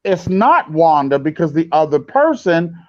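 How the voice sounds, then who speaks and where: A man chiming in on a show recap, emphatic and expressive. His pitch jumps up and down as he acts out what he was thinking. The sound is somewhat dull and muffled. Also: unhurried. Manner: emphatic, quoting his own reactions. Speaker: podcast co-host. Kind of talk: casual TV recap chat.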